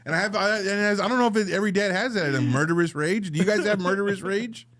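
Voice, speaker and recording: Fast and high-voiced, this male podcast co-host launches into a profane, comic story, animatedly acting out every character on both sides.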